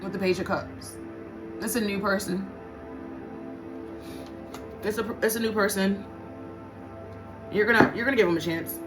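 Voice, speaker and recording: A woman's voice: mid-range voice, steady tone, normal speed, pauses often, music in the background. A woman giving a casual tarot reading to her viewers, blunt and profane, often repeating her points for emphasis. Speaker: tarot reader.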